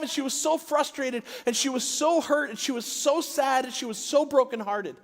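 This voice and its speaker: Middle-aged male pastor, chatty storytelling sermon delivery, higher register, recorded with a long hall tail. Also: normal speed, few pauses. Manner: conversational storytelling preacher. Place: church sanctuary.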